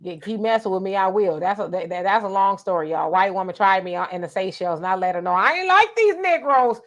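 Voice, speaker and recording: A woman from Southern California co-hosting a live stream, chatting casually with viewers and telling animated stories. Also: fairly low pitch, fast talker. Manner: animated, talks straight to viewers, tells stories. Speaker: co-host of a live stream show.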